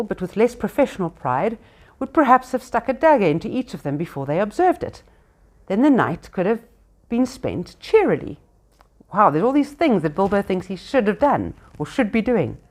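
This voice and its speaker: A woman reading a storybook aloud to children, expressive and unscripted, with small slips. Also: medium pitch. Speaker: reader to children.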